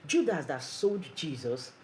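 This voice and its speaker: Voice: mid-range voice, very animated, measured pace, a little mellow, a little hiss or hum, rough recording. An earnest preacher gives a conversational devotional talk full of rhetorical questions.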